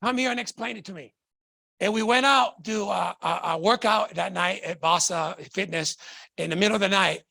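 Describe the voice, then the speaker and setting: A man giving an excitable, repetitive sales pitch to an audience, calling them folks and guys. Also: normal speed, gravelly. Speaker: business presenter.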